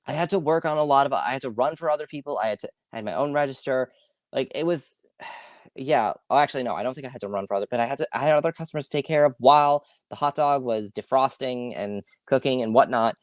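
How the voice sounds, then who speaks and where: Male podcast host, solo rant; loose, profane, self-interrupting delivery, mid pitch, dead-dry recording. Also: fairly quick, no echo. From Long Island, New York. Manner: rambling, swearing, self-correcting, with sighs.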